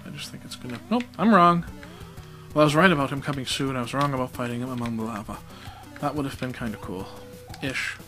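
A man talks his way through a video game in a loose, joking commentary, his voice sitting at an ordinary middle pitch. He pokes fun at himself between moves, and faint game music plays underneath. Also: a bit bright, low-quality recording. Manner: chatty, joking, self-mocking asides. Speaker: let's play commentator. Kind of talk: casual gameplay commentary.

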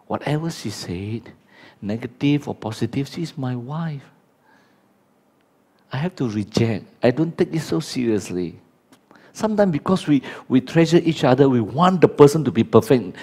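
Pastor pria usia 50-an, bahasa ibu Mandarin; khotbah ekspresif, nada naik-turun lebar. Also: male voice, fairly high pitch, expressive, a little slow, dark tone, husky. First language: Chinese. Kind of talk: sermon.

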